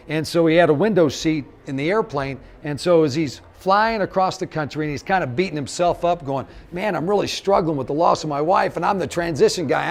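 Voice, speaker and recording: A middle-aged man from Missouri giving a live motivational talk, telling stories, acting out the quotes and speaking straight to the audience. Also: on the high side. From Missouri, USA. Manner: animated storyteller, acts out quotes, addresses the audience directly.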